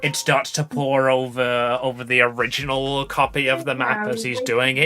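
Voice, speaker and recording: A woman's voice: extremely low pitch, level tone, normal speed, hardly any pauses, crowd noise. A woman running a tabletop game as game master, narrating casually with many fillers and restarts.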